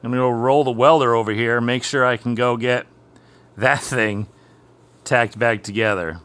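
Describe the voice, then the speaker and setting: A man's voice: mid-range voice, fairly even intonation, normal speed, fairly bright tone, a little hiss or hum. A man talks casually in his home garage as he works on an old race car. He rambles through an amused story, piling on asides as he goes. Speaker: garage vlog host. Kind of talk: casual chat while working on a race car.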